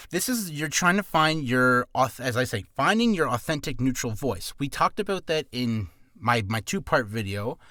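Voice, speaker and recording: A man chatting through vocal warm-up tips in a loose, self-deprecating vlog voice. His pitch swings widely from phrase to phrase, and the sound is close and dry with no room behind it. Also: no room sound. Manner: rambling, self-deprecating, quick-talking. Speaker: aspiring voice actor giving warm-up tips. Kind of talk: casual vlog tutorial. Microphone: camera on a stand.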